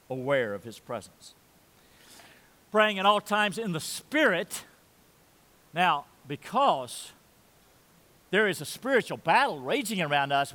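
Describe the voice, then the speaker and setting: A man preaching a sermon, pressing hard on key words and then dropping low and quiet. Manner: emphatic preaching, swings loud and soft. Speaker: pastor. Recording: long hall reverb.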